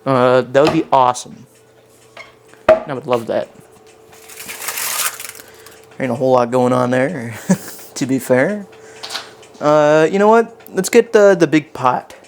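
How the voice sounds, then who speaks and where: Guy rambling to his stream chat while cooking in his kitchen, making fun of himself, average pitch. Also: takes it slowly, long pauses, noisy background. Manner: rambling, self-mocking, talks to chat. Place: home kitchen.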